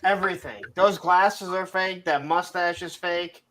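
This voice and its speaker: High bright-voiced guy on a stream, blunt jokes, swears. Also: steady tone, measured pace, slight background noise. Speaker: stream guest. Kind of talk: casual chat.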